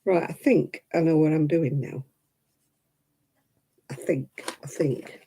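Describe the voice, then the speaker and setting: A woman's voice: low-pitched, slow pace, mellow, breathy edge. A middle-aged woman chatting at home while she crochets, poking fun at herself and laughing often. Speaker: crafting vlogger. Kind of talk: casual chat while crocheting.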